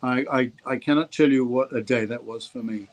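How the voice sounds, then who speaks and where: A man's voice: medium pitch, fairly even intonation, a little fast, rough recording. Older Australian man telling stories. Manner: warm anecdotal, hesitant with ums. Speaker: actor guest. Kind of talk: interview storytelling.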